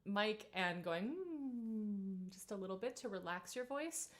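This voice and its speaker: A woman in her thirties, a vocal coach leading a live-streamed singing warm-up, chatty and encouraging, with many fillers. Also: mid-range voice, expressive, moderate pace.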